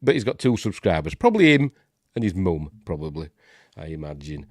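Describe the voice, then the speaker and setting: A Yorkshire man with a bunged-up, snuffly nose talks his way through a live stream in a rambling, grumbling chat. His lowish voice swoops up and down a lot, and the sound is close and dry. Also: very animated, a little fast, no echo. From Yorkshire, England. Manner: chatty and grumbling, with many fillers and asides. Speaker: host of a live news stream.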